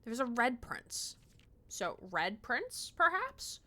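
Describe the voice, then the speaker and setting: A woman streaming a puzzle game, chatting casually, gushing excitedly and swearing now and then. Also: mid-range voice, a little slow. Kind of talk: live-streamed gameplay chat.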